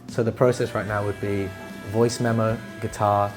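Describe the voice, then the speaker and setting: A man, a musician, chatting casually in an interview in a relaxed, rambling way that trails off softly at times. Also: on the low side, moderate pace, over music. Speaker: musician guest.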